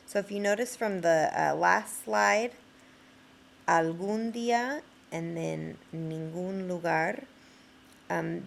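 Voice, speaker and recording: A woman talks through a recorded screencast lesson in a patient classroom manner, stopping often for fillers. Her voice sits a bit low and carries heavy fry. A faint background hiss runs under the recording. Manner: explains patiently with frequent fillers. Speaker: Spanish teacher.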